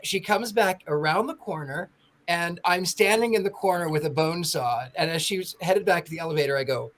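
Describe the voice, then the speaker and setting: An animated woman spins a story for a panel of friends. She slips into the voices of the people she quotes and keeps the telling lively. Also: on the low side, fairly quick, background noise. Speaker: podcast panelist telling an anecdote. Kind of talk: casual storytelling chat.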